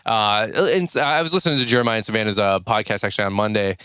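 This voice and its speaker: Brief: male podcast host, smooth resonant voice, dry close mic, lively storyteller. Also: lowish voice, quick pace, no echo. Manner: animated storyteller, acts out quotes. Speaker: podcast host, lawn business owner. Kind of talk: casual chat.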